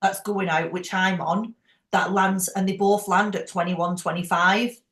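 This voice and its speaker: A chatty, frank woman runs a group call at an everyday mid pitch. Her voice carries a roomy echo, as if the room around her is bare. She talks in a casual, quick-laughing way. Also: steady tone, fairly bright tone. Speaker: team leader hosting a group call. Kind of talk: casual chat.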